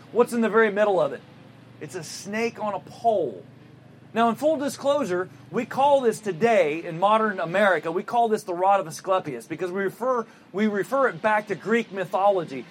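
A man's voice: sits high, a little hiss or hum. A man preaching a sermon in a conversational storytelling way, asking the audience rhetorical questions. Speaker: pastor.

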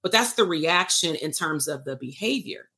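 A woman therapist talks her audience through an exercise in an easygoing livestream style. Her voice sits low yet moves up and down expressively. She stays animated and playful and drops casual swear words. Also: moderate pace. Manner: animated, acts out exchanges, laughs and swears casually. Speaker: therapist leading workshops. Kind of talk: casual livestream teaching talk.

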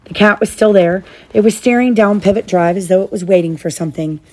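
A woman's voice: mid-range voice, brisk, a little mellow. A mother reading a children's novel aloud to her child, stopping now and then to explain things. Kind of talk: storybook read-aloud.

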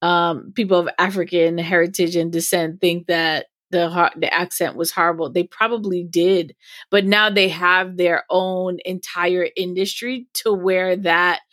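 A woman's voice: on the low side, little pitch movement, a little slow, a bit bright, no room sound, clean studio sound. A woman hosting a podcast, asking questions in a thoughtful, hesitant way with many fillers. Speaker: podcast host. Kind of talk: interview questions.

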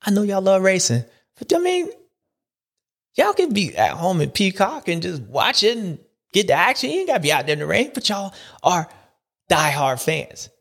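A man's voice: high voice, wildly swooping pitch, normal speed, vocal fry, fairly bright tone, breathy edge. A man hosting a casual, joking commentary, talking in slang and mimicking other people. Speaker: host.

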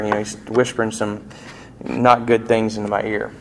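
A man's voice: fairly low pitch, level tone, fairly quick, slight background noise. A man preaching a sermon in a folksy, conversational storytelling manner. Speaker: pastor.

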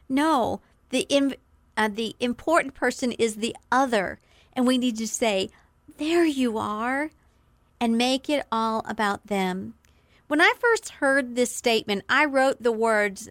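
A middle-aged woman hosting a podcast, giving an earnest devotional teaching talk and slowing down to stress key phrases. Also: on the high side, no room sound. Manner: earnest, warm encouragement with slow emphatic quotes. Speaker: podcast host.

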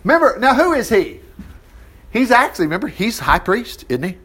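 A man's voice: high-pitched, sing-song, a little fast, a bit bright, slightly rough. A man leading an informal Bible study, reading passages aloud and breaking in with chatty asides and rhetorical questions. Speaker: Bible teacher.

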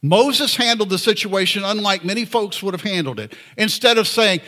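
A man's voice: high-pitched, lively intonation, moderate pace, pushed and bright. A man preaching a sermon in an earnest, conversational way. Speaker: pastor.

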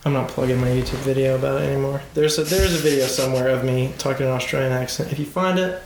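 A man's voice: medium pitch, fast talker. Joking man hosting a roomy podcast. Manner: joking, playful mock-dramatic banter. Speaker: podcast host. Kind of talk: casual chat. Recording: roomy echo, faint noise.

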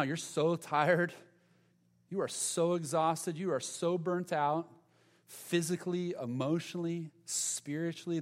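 A man preaching a sermon in a church sanctuary, his voice a touch higher than most men's. He talks in an animated, conversational way and leans on dramatic pauses. A long reverb trails each phrase through the hall. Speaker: pastor.

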